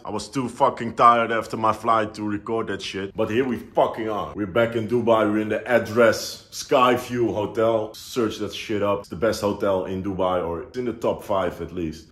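A man's voice: fairly low pitch, a bit bright. A young man vlogging and coaching from a hotel, talking in a brash, profane, confrontational way. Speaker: vlogger and online business coach. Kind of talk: casual vlog, motivational rant. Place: hotel gym and suite, indoors.

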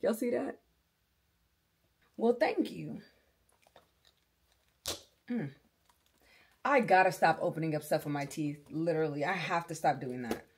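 Mom vlogger at home, blunt and playful, strained from yelling, animated delivery. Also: female voice, low voice, unhurried, long pauses. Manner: blunt, playful, swears freely. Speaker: mother and vlogger. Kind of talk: casual home vlog chat. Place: home bedroom.

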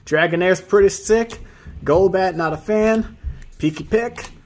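A man hosting a casual pack-opening video, excitably reading card names aloud and hyping himself up. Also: high-pitched, unhurried. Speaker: host opening card packs.

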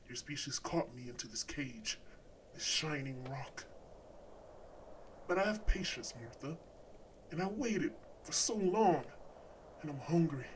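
A man voicing an ancient, hungry male snow deity in a horror game, speaking in a slow, gloating, theatrical way with whispered asides. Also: fairly high pitch, a little hiss or hum. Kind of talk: horror game villain monologue.

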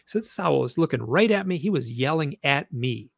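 A man, a guest author, telling stories in an animated, rambling way with many restarts. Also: a little high, moderate pace, vocal fry, no echo, clean studio sound. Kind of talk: storytelling interview chat.

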